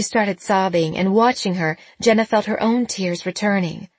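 A woman with a mid-range voice narrates an audiobook, reading in a measured, expressive way. The recording is dry.

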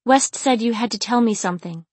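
A woman's voice: on the high side, brisk, darkish tone, dry recording, natural voice. A woman reading the part of a troubled young woman haunted by visions, speaking with urgency. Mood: urgent. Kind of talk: audiobook character reading.

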